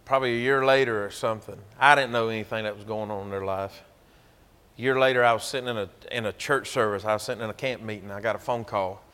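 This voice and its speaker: A man's voice: on the low side, steady tone, quick pace, pushed and bright, smooth. Southern georgia preacher guy, folksy, telling a story in a sermon, gets emphatic. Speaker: pastor. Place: church.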